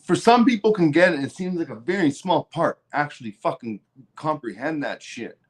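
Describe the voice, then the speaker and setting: This Canadian man hosts his own show, his fairly high voice expressive and paced normally as he rants furiously about politics. Swearing runs throughout, broken up by sarcastic impressions mocking others.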